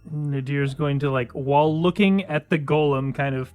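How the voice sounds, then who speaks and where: Higher-voiced man playing a tabletop game. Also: steady tone, moderate pace, darkish tone, soft background music. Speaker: player. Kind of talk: casual tabletop game play.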